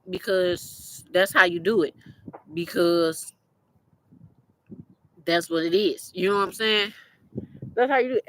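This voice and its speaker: A woman's voice: mid-range voice, bright, forceful tone, low-quality recording. Blunt, profane, teary woman host. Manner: blunt, profane, rambling with many restarts. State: teary-eyed. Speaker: podcast host. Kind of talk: casual motivational monologue.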